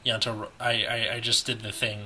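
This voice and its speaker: A man's voice: on the low side, little pitch movement, moderate pace, bright, forceful tone, a little hiss or hum. A man co-hosting a podcast, talking hesitantly and asking curious questions. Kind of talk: casual podcast chat.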